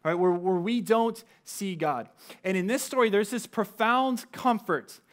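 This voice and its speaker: Higher-voiced man preaching a sermon. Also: unhurried. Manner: conversational preaching with asides. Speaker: pastor.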